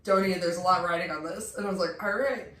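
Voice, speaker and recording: A young woman co-hosting as a storyteller tells a funny story casually and with animation, laughing as she goes and acting out the quotes. Her voice is lowish and quick, picked up by a distant mic in a roomy space with faint noise.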